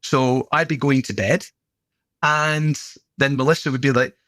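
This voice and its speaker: A man's voice: medium pitch, measured pace, no room sound. A middle-aged British man chatting casually as a podcast guest, telling stories with playful put-on voices. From United Kingdom. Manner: animated storyteller, does playful voices. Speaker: podcast guest, gym owner. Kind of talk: casual conversation.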